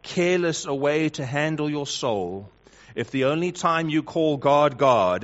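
A man preaching a sermon, building through rhetorical questions and swinging between loud emphasis and hushed lines. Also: mid-range voice. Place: church hall with congregation. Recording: dull lo-fi sound.

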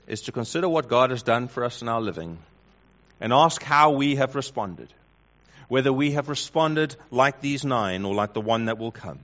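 A man preaching a sermon, building through rhetorical questions and swinging between loud emphasis and hushed lines. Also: medium pitch. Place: church hall with congregation. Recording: dull lo-fi sound.

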